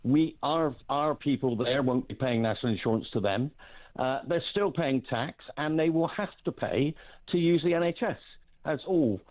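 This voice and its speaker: A man phoning in to a radio talk show to make his point in a calm, argumentative way. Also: mid-range voice, normal speed. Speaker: caller. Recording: phone line.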